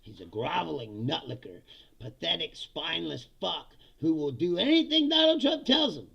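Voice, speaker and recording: A man's voice: a little high, big pitch swings, moderate pace, gravelly, fairly bright tone, slightly rough, lo-fi sound. A man hosting a political comedy show, ranting sarcastically and with lots of swearing in casual livestream commentary while reading out chat comments.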